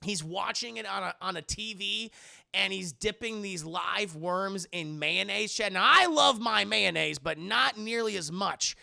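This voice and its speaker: A man's voice: high voice, a little slow, creaky, pushed and bright. A man streaming a casual film recap, talking in a profane, rambling way.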